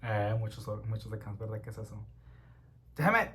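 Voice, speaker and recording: Chatty young man rambling excitedly. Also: fairly low pitch, racing, a little hiss or hum. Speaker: plant vlogger. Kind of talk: casual unboxing chat.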